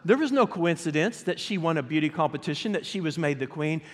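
A man preaches in a church sanctuary, his voice sitting a little high. He tells stories with animated energy and keeps asking the congregation to respond. The sound carries a long reverb from the hall. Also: fast. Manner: animated, addresses the congregation directly. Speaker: pastor. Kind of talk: storytelling sermon.

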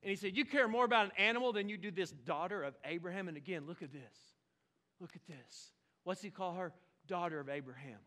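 A man from Oklahoma, preaching a lively, storytelling sermon with sudden bursts of shouting. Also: high-pitched, fairly quick. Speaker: pastor.

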